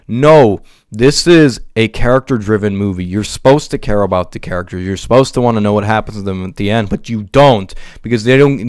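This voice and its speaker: A man's voice: fairly low pitch, a little fast, few pauses, darkish tone, smooth, dry recording, studio quality. A man giving an exasperated, profane movie review rant, stumbling over his words as he goes. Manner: exasperated, profane ranting with stammered restarts.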